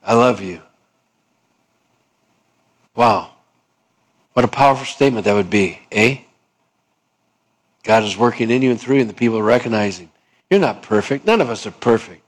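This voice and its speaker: A man's voice: medium pitch, animated, fairly quick, long pauses. A man preaching a sermon in a conversational way, asking his listeners questions and acting out little dialogues. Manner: conversational, asks the congregation questions; acts out dialogue to illustrate points. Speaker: pastor.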